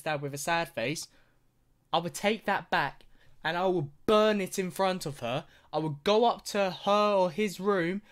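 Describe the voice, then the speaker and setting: A young man hosting a reaction video, ranting with plenty of swearing and exaggeration. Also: high voice. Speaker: YouTuber.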